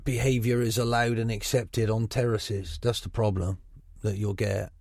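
A man's voice: fairly low pitch, little pitch movement, normal speed, vocal fry, a little mellow, no echo, clean studio sound. A middle-aged football manager with a Gloucestershire burr, talking frankly in a radio interview, often restarting his sentences. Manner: frank, chatty, many restarts.

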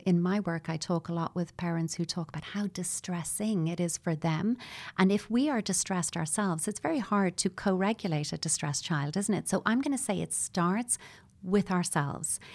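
A middle-aged woman speaks as a guest therapist in an interview. Her voice sits a little low, and she explains patiently, sometimes slipping into the voice of a parent she describes. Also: a little mellow. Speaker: child psychotherapist guest. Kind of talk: conversational advice interview.

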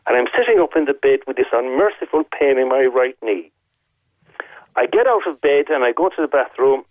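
A man rings into a radio show and tells a long story full of vivid detail, going back over his points to stress them. He has an Irish accent and a mid-range voice with lively intonation, a little fast; the telephone audio is tinny and dry.

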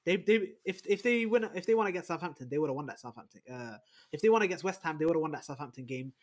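A young man making his case quickly and animatedly in a casual football podcast debate, with slangy phrasing. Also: on the high side, expressive. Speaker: podcast panelist.

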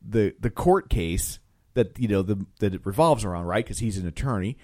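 Lively low-voiced man, casual chat. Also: moderate pace, no echo, clean studio sound. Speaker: podcast co-host. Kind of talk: casual film discussion.

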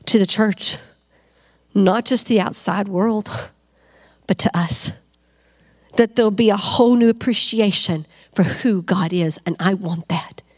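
A woman preaching a fervent sermon to a congregation, asking them questions and rising to loud cries. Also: mid-range voice, measured pace, long pauses. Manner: asks the crowd questions.

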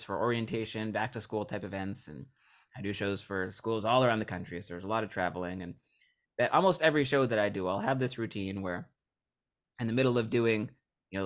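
A male hypnotist talking as a podcast guest. He tells his stories with a lot of energy and slips into quick impressions of the people he's describing, both his audience members and himself on stage. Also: lowish voice. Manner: animated storyteller, acts out voices of people he describes. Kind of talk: casual podcast interview.

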